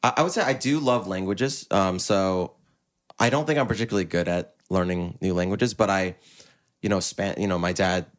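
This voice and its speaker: A young man from the United States, a podcast guest telling his story in a relaxed, rambling way. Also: deep voice, normal speed. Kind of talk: casual interview chat.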